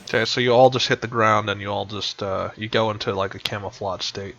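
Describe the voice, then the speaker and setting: A man's voice: fairly low pitch, fairly even intonation, fairly quick, creaky, fairly bright tone, slight background noise. A man narrating as game master of a tabletop game over voice chat, rambling with many fillers. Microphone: voice chat headset. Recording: dull lo-fi voice chat.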